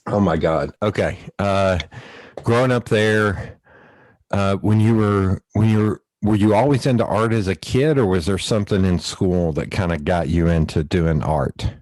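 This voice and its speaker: A man hosting a podcast, chatting casually and telling animated stories, swearing freely. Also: low voice, moderate pace, no echo, rough recording. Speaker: podcast host. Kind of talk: casual conversation.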